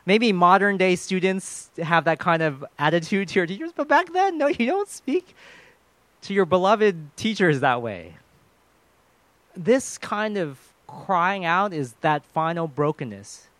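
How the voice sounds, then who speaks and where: An earnest man preaching a sermon, his voice a little higher than most men's. He drops into soft, hushed tones when he acts out quoted lines. The sound is dry and close, with no room echo. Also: very animated, unhurried.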